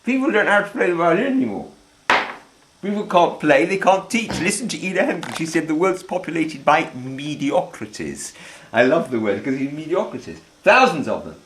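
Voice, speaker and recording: A man's voice: on the high side, very animated, brisk, fairly bright tone, reverberant, slight background noise. A man giving a violin lesson, blunt and opinionated, stressing his points as he demonstrates on the instrument indoors. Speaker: violin teacher. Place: indoor room with a door. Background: violin playing between phrases.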